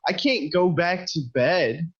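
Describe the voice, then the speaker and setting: A man's voice: on the high side, takes it slowly, a bit bright, breathy edge, no room sound, muffled recording. A man in his twenties co-hosting a podcast, telling crude stories in casual, profane, exasperated chat. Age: 20s. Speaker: podcast co-host.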